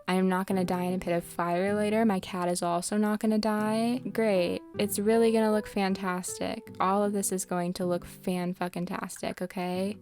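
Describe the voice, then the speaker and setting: A woman's voice: fairly low pitch, a little mellow. A young woman giving casual, rambling commentary while playing a life-sim game. She swears often and pokes fun at herself. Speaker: gaming content creator.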